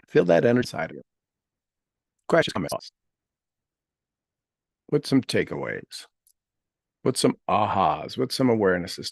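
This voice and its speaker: A man leading a guided meditation, speaking affirmations slowly and gently, repeating each phrase with soft trailing endings. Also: fairly low pitch, no room sound, clean studio sound. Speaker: meditation leader.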